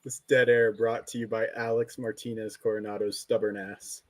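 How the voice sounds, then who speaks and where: A man co-hosting a casual podcast, deadpan and curt in his replies. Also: lowish voice, moderate pace, dry recording. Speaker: podcast co-host.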